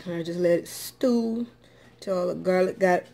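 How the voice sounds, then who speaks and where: A woman's voice: on the low side, normal speed, creaky, dark tone. A woman chatting casually in an eating vlog, drawling and chatty with lots of ums, as dishes and cutlery clink behind her. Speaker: food vlogger. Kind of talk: casual mukbang eating chat.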